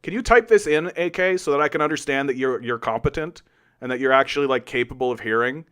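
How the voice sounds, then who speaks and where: A man's voice: mid-range voice, fast, a bit bright, smooth. A man hosting a solo political commentary show, arguing with chat in a combative, sarcastic and profane way. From Canada.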